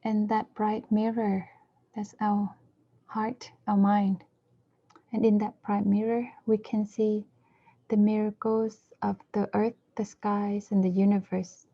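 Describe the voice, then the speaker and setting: A woman interpreting a dharma talk, speaking in measured short phrases and now and then correcting herself mid-word. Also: medium pitch, level tone. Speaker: interpreter for a Buddhist teacher. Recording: dull lo-fi recording.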